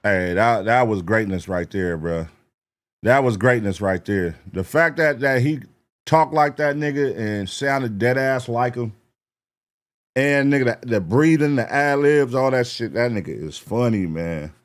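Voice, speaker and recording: A young man hosting a live reaction stream, talking loosely with profane slang, laughing and shouting out names from the chat. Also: mid-range voice, expressive, unhurried.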